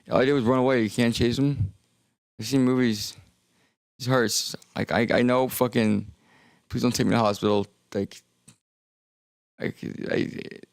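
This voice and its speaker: A man's voice: medium pitch, gravelly, no echo. A young man streaming, rambling and joking in casual talk that trails off into mumbles.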